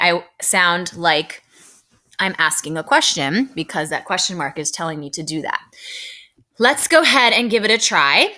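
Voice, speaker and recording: Bright-voiced woman teaching reading. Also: fairly low pitch. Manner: slow, deliberate explaining, frequent tag questions. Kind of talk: online reading lesson for children.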